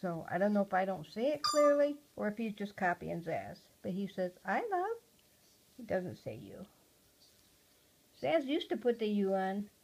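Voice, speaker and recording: A woman at home talking to her pet parrot in a casual home video, cooing softly and often dropping to a hush. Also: medium pitch, very animated, normal speed, a little hiss or hum, poor audio. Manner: soft, cooing talk to a pet, often hushed.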